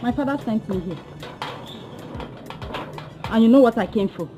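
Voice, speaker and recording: A woman's voice: a little high, animated, moderate pace, warm tone, soft background music, natural voice. An actress with a Nigerian accent playing an impatient young woman who scolds and demands money owed to her father. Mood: impatient demanding. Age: young adult. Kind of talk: Nollywood film acting. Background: film score.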